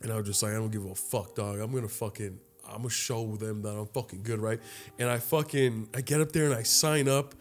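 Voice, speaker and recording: A young man co-hosting a podcast, telling a long story in a casual, profane, animated way and acting out the other people's lines. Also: fairly low pitch, fairly quick, faint music behind. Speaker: podcast co-host. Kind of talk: casual chat.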